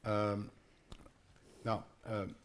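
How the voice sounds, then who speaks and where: An older man chairs a conference panel in a lowish voice, stopping often with fillers and restarts. A faint hiss of noise sits under his speech. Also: completely flat delivery. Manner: halting, many fillers and restarts. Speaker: panel moderator. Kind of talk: hesitant conference panel moderation.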